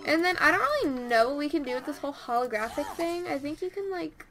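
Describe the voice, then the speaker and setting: Woman, high voice, casual let's-play commentary, chatty, talks to her characters, quick to get excited. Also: crowd noise. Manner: easily excited. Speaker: gameplay commentator.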